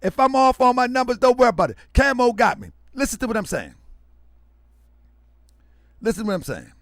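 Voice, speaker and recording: A loud, hyperactive man hosting a livestream, talking to his viewers as family and repeating himself for emphasis. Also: very high-pitched, big pitch swings, normal speed, no echo, studio quality. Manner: preachy, calls listeners family. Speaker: online show host.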